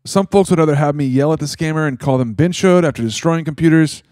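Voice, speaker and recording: A man hosting a video, calmly and wryly wrapping up for viewers. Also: fairly high pitch, fast talker, no echo, clean studio sound. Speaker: channel host. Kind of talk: closing commentary to viewers.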